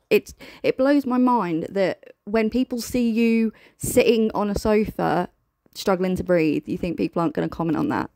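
A woman's voice: mid-range voice, a little mellow, no room sound. A British woman giving blunt, sarcastic reaction commentary as host.

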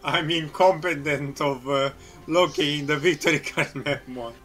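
A man's voice: fairly high pitch, normal speed, fairly bright tone, soft background music. A man hosting a casual voice chat, drunk, giggly and rambling. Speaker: game host.

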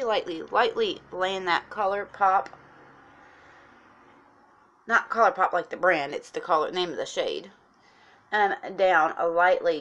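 A woman's voice: fairly low pitch, fairly bright tone, lo-fi sound. Chatty woman giving a makeup tutorial. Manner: chatty, instructive, addresses viewers as guys. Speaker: makeup vlogger.

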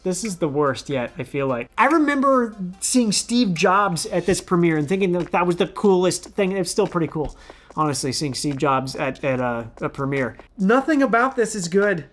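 A man's voice: high voice, sing-song, moderate pace. A man in his thirties, a former child actor, reviewing his old outfits in a playful, self-mocking casual vlog.

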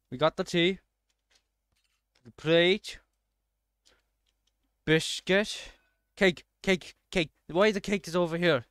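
A man's voice: a little high, unhurried, pauses often, a bit bright, clean tone, dry recording, clean studio sound. A man doing let's-play commentary, swearing and breaking into frustrated outbursts at the game.

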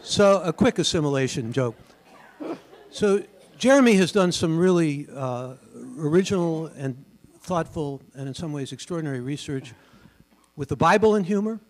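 An older man with a booming broadcaster voice, giving a genial, chatty talk as a guest speaker in a large synagogue hall, with many fillers. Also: lively intonation, normal speed. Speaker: guest speaker and radio host. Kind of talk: relaxed storytelling talk at a public event. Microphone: stage microphone.

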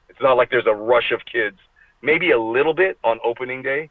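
Speaking from his car over a video call, a middle-aged interview guest chats in a loose, profane, rambling way. His medium-pitched voice is brisk, with no room sound, and the call audio is tinny and dry.

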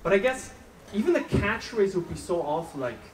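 A man's voice: sits high, big pitch swings. Brief: male comic, conversational, heard from a distance in a live room. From Austria. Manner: conversational, chats with audience, halting restarts. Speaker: stand-up comedian. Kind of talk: live stand-up set. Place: comedy club stage, live audience. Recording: roomy club, distant mic, crowd noise.

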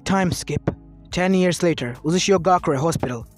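A man's voice: high-pitched, moderate pace, faint music behind. Man reading fan fiction aloud. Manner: plain reading with slips and restarts.

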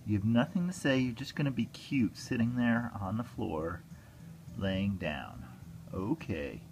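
A woman's voice: very deep voice, expressive, measured pace, darkish tone, slight background noise. A woman speaking in coaxing, sing-song baby talk while she plays with her toddler at home. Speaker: parent playing with a toddler.

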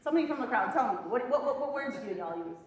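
A woman's voice: a little high, animated, quick pace, heavy background noise. A woman poet performing spoken word in a college hall, with rhythmic, dramatic delivery and playful laughing asides to the audience. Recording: very echoey hall.

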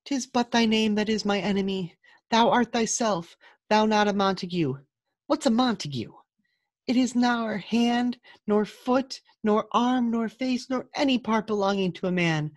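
A man voicing a lovesick young noblewoman in a high, sighing falsetto, drawing out his pleading lines. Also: unhurried, dry recording. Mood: yearning.

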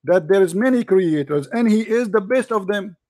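A man's voice: high voice, expressive, moderate pace, darkish tone, dry recording, studio quality. A man hosting a heated live debate, insistent and repeating his questions while talking over his opponent. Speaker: debate host.

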